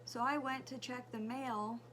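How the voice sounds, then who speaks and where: A woman's voice: a little high, unhurried, slight background noise. A woman in her thirties vlogging at home, chatting casually through a get-ready-with-me story and acting out conversations with her son. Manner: chatty, animated retelling, swearing freely.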